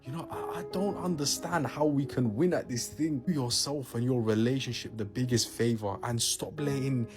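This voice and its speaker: A man's voice: mid-range voice, normal speed, few pauses, darkish tone, soft background music. A man giving earnest, incredulous commentary on relationship trends. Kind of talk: opinion commentary.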